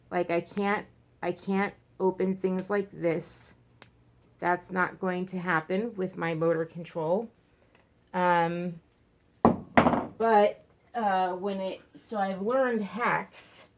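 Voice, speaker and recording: Creaky, rambling woman vlogging at home. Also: medium pitch. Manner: rambling, frank, many fillers and restarts. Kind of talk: casual personal vlog. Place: at home, indoors.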